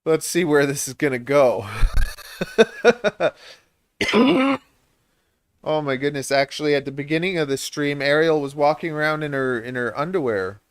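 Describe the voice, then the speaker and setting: A man's voice: a little high, animated, moderate pace, long pauses, clear, resonant tone, dry recording. A man hosting a livestream, chatting in a rambling, self-deprecating way and laughing often. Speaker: livestream host and reptile breeder.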